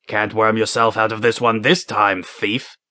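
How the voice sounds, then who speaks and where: Audiobook: narrator as a sneering city guard, harsh and mocking, lowish. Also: male voice, little pitch movement, unhurried, bright, forceful tone. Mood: jeering. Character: jeering cruel male city guard.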